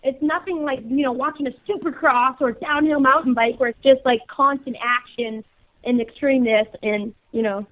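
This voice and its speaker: A Canadian woman co-hosting a casual radio show, energetic and slangy, laughing easily. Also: sits high, normal speed. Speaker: co-host. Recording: tinny phone line.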